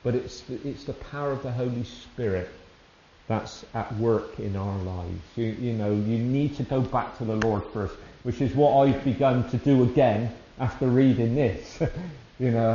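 A man giving an informal devotional talk, rambling and warm-hearted, often chuckling between thoughts. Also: mid-range voice, a little slow. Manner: rambling, warm-hearted, with frequent fillers and restarts; chuckles often while speaking. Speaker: lay preacher. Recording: dull, roomy sound.

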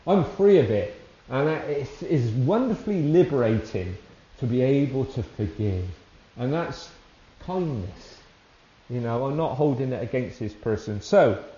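A man giving an informal devotional talk, rambling and warm-hearted, often chuckling between thoughts. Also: medium pitch, lively intonation, unhurried. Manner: rambling, warm-hearted, with frequent fillers and restarts; chuckles often while speaking. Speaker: lay preacher. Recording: dull, roomy sound.

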